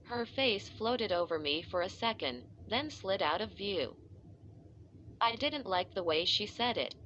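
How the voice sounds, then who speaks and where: A woman reads a first-person story slowly and deliberately, her voice bright and clear. The recording is dry and a little dull, with a lo-fi edge. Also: mid-range voice, animated, slight background noise. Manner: slow, measured storytelling. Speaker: audiobook narrator.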